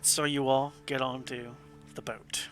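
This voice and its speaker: A man's voice: medium pitch, flat delivery, a little slow, a bit bright, faint music behind. A man narrating as game master in a tabletop game, easygoing and laughing often.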